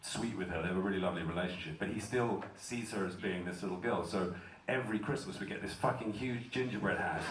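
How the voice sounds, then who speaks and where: A British man with a fairly low voice tells chatty, self-deprecating stories, with a casual swear here and there. He is recorded from across a big echoey convention hall, with steady noise underneath. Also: fairly quick, far from the mic. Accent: British English. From Britain. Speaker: panel guest.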